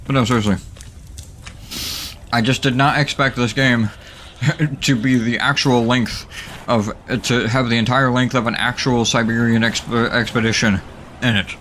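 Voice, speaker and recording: A man hosting a gaming channel, giving excitable, jokey let's play commentary that is full of swearing and laughter. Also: mid-range voice, a little slow, long pauses, a little hiss or hum.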